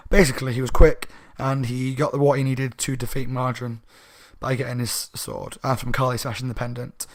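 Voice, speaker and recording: A man's voice: mid-range voice, level tone, fairly quick. Tipsy, rambling man recapping a book. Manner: rambling, chatty, self-correcting. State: slightly drunk. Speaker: book reviewer, channel host. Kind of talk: casual spoken book recap.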